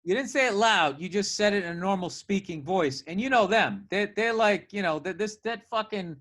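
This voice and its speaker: A man telling stories in a casual podcast chat, profane and animated, with loud bursts. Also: sits high, normal speed. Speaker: comedian guest.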